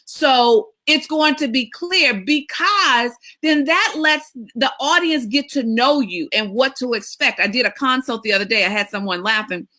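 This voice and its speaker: Woman media coach, high-energy emphatic monologue, bright forceful tone. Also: normal speed, few pauses. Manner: excitable, emphatic, lively delivery with laughs. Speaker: media coach hosting a weekly tips video.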